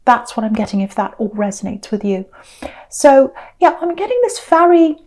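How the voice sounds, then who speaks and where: A woman's voice: fairly high pitch, lively intonation, normal speed, a little mellow. Earnest woman giving a tarot reading. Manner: earnest, repeats phrases for emphasis; acts out quoted people in a mocking voice. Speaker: tarot reader. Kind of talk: intuitive tarot reading monologue.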